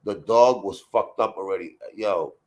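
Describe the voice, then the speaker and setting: A man's voice: lowish voice, normal speed. A man telling a story in casual profane chat, acting out the people in it. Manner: profane, animated, acts out quoted voices. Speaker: guest storyteller.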